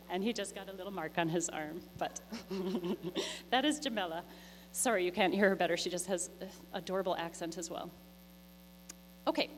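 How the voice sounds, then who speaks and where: Lively woman in an echoey hall. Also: medium pitch. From Canada. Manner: lively, anecdotal, acts out dialogue. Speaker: missionary teacher presenting to a congregation. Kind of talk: storytelling presentation. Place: church hall. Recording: echoey church hall with mains hum.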